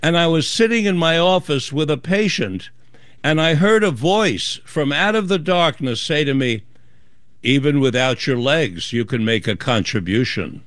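Man, slightly high voice, lively storyteller, acts out other people's lines, dry close sound. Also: normal speed, no room sound. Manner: animated storyteller acting out dialogue. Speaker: author and guest. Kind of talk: storytelling in an interview.

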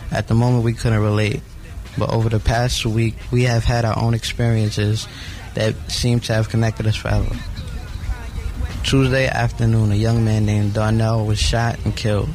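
An eighteen-year-old man from Brooklyn, reading an earnest, steady scripted narration as a student reporter. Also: lowish voice, moderate pace, low-quality recording. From Brooklyn, New York. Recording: music bed under the voice.

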